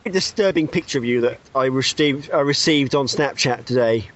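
A man's voice: medium pitch, normal speed, lo-fi sound. A man co-hosting a casual podcast, teasing the others with cheeky jokes.

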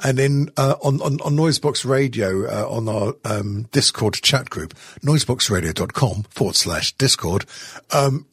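A man's voice: mid-range voice, moderate pace, slightly rough, dry recording, studio quality. A middle-aged man hosting a podcast, stoned on edibles, rambling and swearing with lots of fillers and giggles. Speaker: podcast host. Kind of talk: casual podcast chat.

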